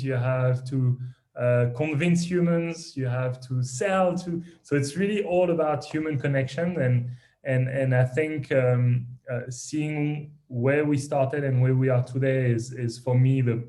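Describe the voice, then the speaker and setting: A man from France with a French accent, talking as a company founder in a podcast interview, lively and self-deprecating with frequent restarts. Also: medium pitch, reverberant.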